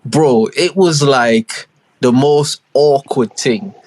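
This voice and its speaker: A young man, co-hosting a podcast and telling a story in casual chat, animated and full of slang. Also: medium pitch, slow pace. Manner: animated, slangy, acts out quoted dialogue. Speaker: podcast co-host.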